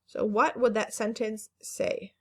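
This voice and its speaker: A woman teaching a phonics lesson to children, speaking slowly and carefully, stretching each word and encouraging the class. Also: fairly high pitch, fairly even intonation, fairly bright tone, breathy edge. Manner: slow, careful word-by-word enunciation; patient and encouraging, with fillers.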